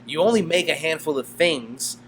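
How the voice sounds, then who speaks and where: A man's voice: a little high, moderate pace, slight background noise. A man co-hosting a casual podcast, telling stories with lots of laughter and acted-out voices. He grew up in South America. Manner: animated storyteller, laughs often, acts out customers. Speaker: podcast co-host. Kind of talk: casual chat, storytelling.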